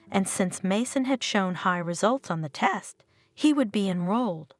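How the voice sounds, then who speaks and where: A woman narrating a family drama story in a steady, scripted reading style. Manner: lively, expressive reading with wide swings in pitch.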